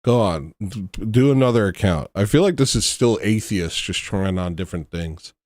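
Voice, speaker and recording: Male livestream host, lowish voice, close dry mic, sarcastic and weary. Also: expressive, moderate pace, a little mellow, dry recording. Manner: sarcastic, exasperated, mocking. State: tired. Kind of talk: casual livestream talk.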